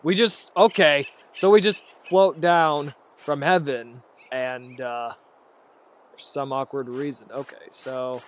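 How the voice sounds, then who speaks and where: A man's voice: a little high, fairly even intonation, slow. Jittery man playing a horror game. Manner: rambling, jittery, talks to himself. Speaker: gaming YouTuber. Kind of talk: horror game let's play commentary.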